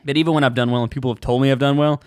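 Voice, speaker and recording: A man comedian co-hosting a podcast, telling stories fast and animated, swearing and laughing. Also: mid-range voice, clean tone, no echo, studio quality. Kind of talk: casual chat.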